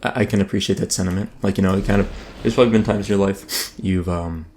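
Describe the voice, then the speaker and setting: Low-voiced man chatting over gameplay. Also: fairly even intonation, quick pace, slight background noise. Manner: rambling, many ums and restarts. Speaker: gaming YouTuber. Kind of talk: casual let's play commentary. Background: soft background music.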